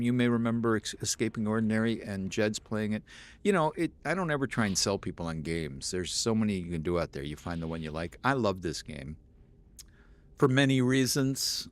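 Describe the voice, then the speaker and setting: A young man live-streaming a game, chatting with viewers and reading chat aloud, easily excited. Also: fairly low pitch.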